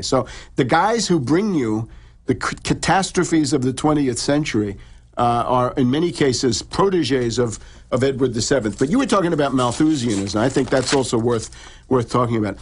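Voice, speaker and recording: A man's animated, mid-range voice with a breathy edge. He holds forth on history in a conversational lecture, his lengthy explanations stalling and restarting often amid many fillers.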